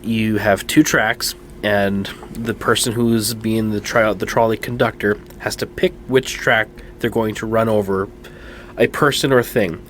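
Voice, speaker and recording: A low-voiced man tells stories as a podcast guest, earnest and halting, often restarting his sentences. A faint hum sits in the background. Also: a bit bright. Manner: earnest storyteller, halting restarts, laughs at himself. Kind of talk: casual chat.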